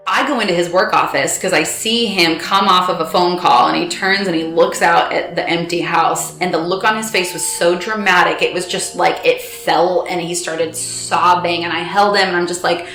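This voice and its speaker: A woman recounting a personal story in a quiet, reflective way, speaking as an interview guest. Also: fairly low pitch, fairly even intonation, moderate pace, few pauses. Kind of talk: casual storytelling. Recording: echoey room with faint music.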